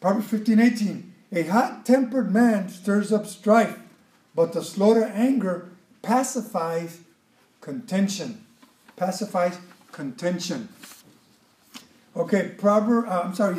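A man's voice: sits high, normal speed, pauses often, a little mellow, roomy sound, recorded from a distance, poor audio. A man preaching a sermon in a conversational way, often repeating words and adding asides to his listeners. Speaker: pastor.

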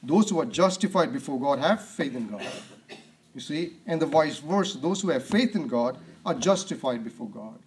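Male preacher, emphatic, repeats key words, clears throat often, faint background hiss. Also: fairly high pitch, expressive, normal speed, poor audio. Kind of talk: sermon.

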